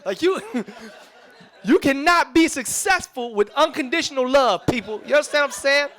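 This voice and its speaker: A young man doing a stand-up comedy set on a club stage, telling stories in with quick asides to the crowd. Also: very high voice, lively intonation, a bit bright. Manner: loose, streetwise storytelling with quick asides to the crowd.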